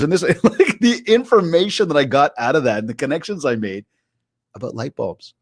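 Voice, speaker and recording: A man's voice: on the high side, normal speed, breathy edge, no room sound, clean studio sound. A man on a video call, telling stories with energy and acting out the quotes in his anecdotes. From Canada. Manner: animated storyteller, acts out quotes. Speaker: keynote speaker guest. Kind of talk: casual interview chat.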